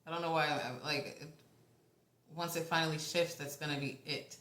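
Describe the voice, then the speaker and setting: A young woman giving a casual tarot reading, talking in a halting, rambling way with the odd swear word. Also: sits low, steady tone, fairly bright tone, echoey room. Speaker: tarot reader.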